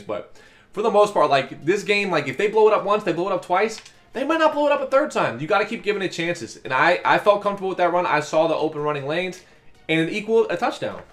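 A man giving live commentary over his own football video game, talking strategy to viewers and yelling at big plays. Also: on the high side. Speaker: gaming YouTuber.

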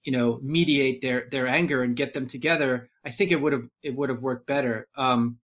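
A man talking casually on a podcast, rambling and animated, full of fillers and restarts. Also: mid-range voice, normal speed. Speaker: podcast guest. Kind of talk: casual movie discussion.

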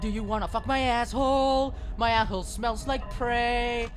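Loud, panicky man yelling at a horror game. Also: very high voice, fairly even intonation, normal speed, faint music behind. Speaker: gaming streamer. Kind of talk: live horror-game commentary.

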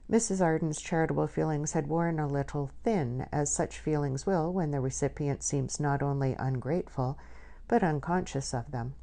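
A woman reading a novel aloud in measured, scripted narration. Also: low-pitched, mellow. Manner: measured storytelling. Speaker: audiobook narrator.

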